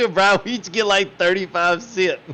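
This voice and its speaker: A man's voice: high-pitched, bright, forceful tone. Laughing man streaming a game. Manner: laughing, chatty, quotes chat. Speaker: livestream host. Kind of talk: casual game livestream commentary.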